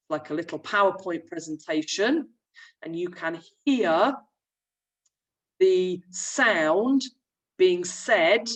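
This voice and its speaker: A woman's voice: lowish voice, distant mic, low-quality recording. A young woman, a primary school teacher, chattily explaining a remote lesson while sharing her screen. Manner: friendly, chatty classroom explaining.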